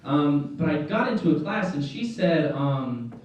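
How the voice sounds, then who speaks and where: A man's voice: fairly high pitch, big pitch swings, a little slow, darkish tone. A young man doing a stand-up comedy set at a college club, rambling and self-deprecating with lots of fillers. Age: young adult. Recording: echoey room, distant mic, faint noise.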